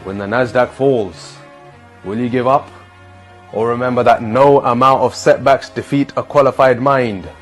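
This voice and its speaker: A man delivering a solemn, preachy mock motivational speech. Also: mid-range voice.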